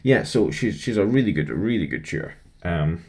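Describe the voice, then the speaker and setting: A man's voice: low voice, lively intonation, normal speed, gravelly, darkish tone, breathy edge. A young man rambling casually about his week while building a model kit, chatty and self-deprecating.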